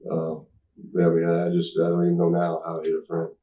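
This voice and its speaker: A man in his forties telling a candid story as an interview guest, rambling and halting with many restarts and fillers. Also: sits low, monotone, narrow, tinny audio. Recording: roomy echo, mic at a distance.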